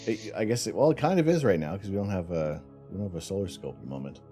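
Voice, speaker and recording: A man's voice: low-pitched, lively intonation, fast talker, dark tone, faint music behind. A man from Canada hosting a casual charity livestream, chatty and teasing, laughing often. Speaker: stream host.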